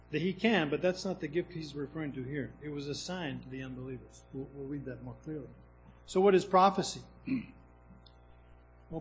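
A man's voice: a little high, darkish tone, slight background noise, rough recording. Preacher man teaching from the Bible. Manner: conversational Bible teaching with rhetorical questions and restarts. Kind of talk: sermon.

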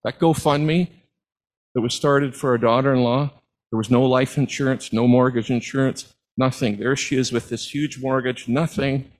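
A man's voice: medium pitch, fairly even intonation, moderate pace, poor audio. A middle-aged man preaching, telling personal stories as testimony in an earnest, heartfelt way. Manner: earnest storytelling, at times moved to tears.

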